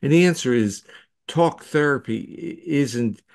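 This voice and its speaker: A man, a scientist guest in an interview, explaining ideas in a steady lecturing manner with occasional restarts. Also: mid-range voice, measured pace, gravelly, dry recording, clean studio sound.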